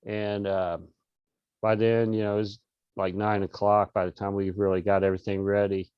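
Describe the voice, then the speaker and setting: A man's voice: lowish voice, flat delivery, normal speed, clean tone, dry recording, highs cut off. A middle-aged man, an interview guest, telling a casual story over a video call with lots of restarts and fillers. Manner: rambling, many restarts and fillers.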